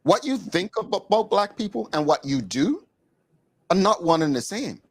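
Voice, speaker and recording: A Bermudian man hosting a talk show, his pitch swinging widely as he makes his point. He talks in an emphatic, opinionated way, pressing hard on what he believes. His tone is casual studio chat. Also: sing-song, normal speed, breathy edge.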